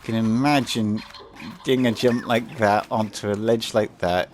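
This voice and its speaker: A man rambles through casual gameplay commentary, hesitating and restarting often. His voice sits a little low. Faint background noise runs under him. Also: fairly even intonation, unhurried.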